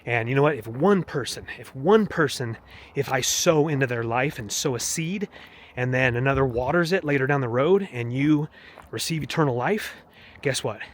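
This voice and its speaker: A man's voice: medium pitch, expressive, normal speed, a little hiss or hum. A man vlogging while walking on a mountain trail, talking in an earnest, rambling, preachy way. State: walking, heart rate up. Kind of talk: casual walking vlog testimony.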